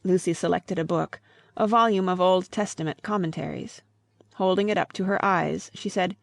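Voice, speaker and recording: A woman narrating a classic novel as an audiobook in a calm, measured way. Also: on the low side, creaky, no room sound. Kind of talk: scripted narration.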